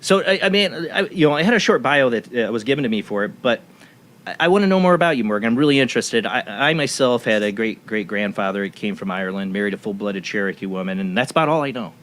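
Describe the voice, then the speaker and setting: A radio talk show host with a medium-pitched, expressive, slightly bright voice talks at a quick pace. In casual on-air chat he rambles through a personal story, restarting often.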